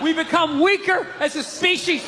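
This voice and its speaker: A middle-aged male stand-up comedian ranting loudly and profanely on a live stage, often shouting. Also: very high voice, steady tone, normal speed, very noisy. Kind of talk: stand-up routine. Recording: live stage mic with loud crowd.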